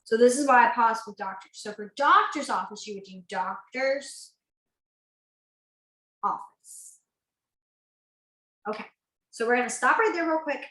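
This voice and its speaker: A fairly high-voiced woman teaching a beginners' sign language class. She talks chattily, corrects herself and laughs easily. Her voice rings in an echoey room. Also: animated, fairly quick, fairly bright tone. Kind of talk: online class instruction.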